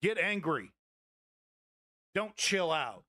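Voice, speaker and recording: A man's voice: a little high, normal speed, bright, forceful tone, no echo, studio quality. A young man hosting a live political news stream, talking to his chat in a blunt, profane, confrontational way.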